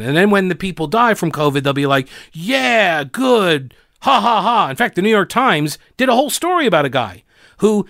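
A man's voice: high-pitched, fairly bright tone, no room sound, studio quality. A man hosting a political commentary show, talking in a sarcastic, mocking way with frequent restarts. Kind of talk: opinionated commentary.

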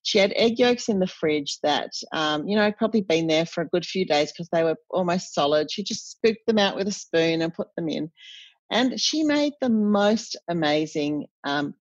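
A woman, an interview guest chatting in an animated storytelling way with frequent self-corrections. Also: lowish voice, moderate pace, no room sound. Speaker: cookbook author guest. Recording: dull, dry podcast audio.

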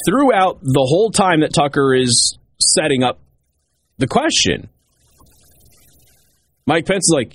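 A man with a slightly raised pitch and a husky edge talks through political commentary as a talk show host. He drives home his points by repeating them, and the sound is dry and close, with no room echo. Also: big pitch swings, unhurried, long pauses, a bit bright. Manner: emphatic, repeats key points.

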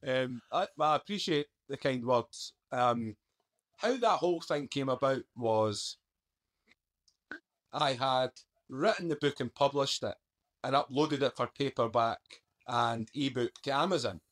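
A man's voice: mid-range voice, measured pace, a bit bright. A man, a podcast guest telling his story in a plain-spoken, conversational way. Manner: plain-spoken, conversational, uses "mate" and "I done". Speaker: guest, author. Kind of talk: casual interview storytelling.

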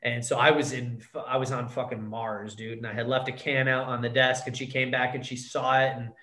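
A man's voice: mid-range voice, little pitch movement, a little fast, sharp tone. A man telling a candid recovery story as a podcast guest, blunt and profane, calling the host "dude". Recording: echoey room.

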